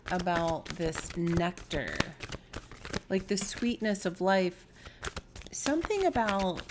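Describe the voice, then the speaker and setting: A woman giving a spiritual tarot reading, telling a personal story in an earnest, heartfelt way and sometimes dropping to a soft whisper. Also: fairly low pitch, noisy background. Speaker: tarot reader.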